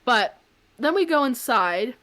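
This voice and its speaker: A young adult woman co-hosting a podcast, telling a story in a chatty, animated way full of "like". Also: on the high side, unhurried. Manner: chatty, peppered with "like", animated retelling. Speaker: podcast co-host. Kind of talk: casual anecdote on a podcast.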